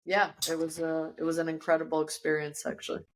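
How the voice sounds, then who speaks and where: A woman yoga teacher, a podcast guest, telling a personal story in a lively, animated way with frequent restarts, recorded in her studio. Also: low voice, fast talker. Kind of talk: casual storytelling interview.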